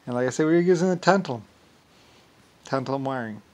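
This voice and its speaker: A man talking in a rambling monologue, halting and repetitive, with many fillers and restarts. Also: mid-range voice, lively intonation. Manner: chuckles while telling stories.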